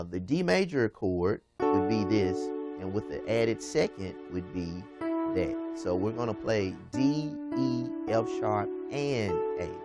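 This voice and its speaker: A man with a low voice teaches piano at an easy, patient pace, repeating each step and checking in with "okay?" after his phrases. Piano playing sounds clearly under his voice. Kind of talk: piano lesson. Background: piano music.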